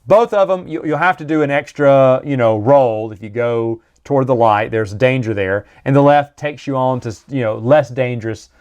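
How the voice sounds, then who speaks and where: A man's voice: mid-range voice, moderate pace, few pauses, darkish tone, clear, resonant tone, dull audio. Rambling man chatting casually. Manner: rambling, chatty, with many restarts and asides. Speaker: book reviewer. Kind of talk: casual monologue.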